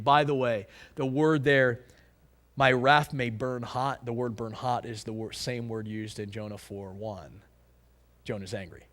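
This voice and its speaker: A man preaching a sermon in an animated way, asking the congregation rhetorical questions and often repeating words as he goes. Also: medium pitch, a little slow.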